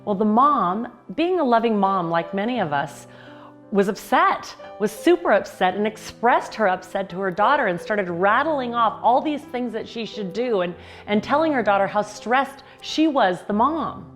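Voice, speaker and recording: A woman's voice: mid-range voice, lively intonation, faint music behind. Earnest woman life coach telling stories. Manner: earnest, storytelling with emphatic pauses. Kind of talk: motivational talk.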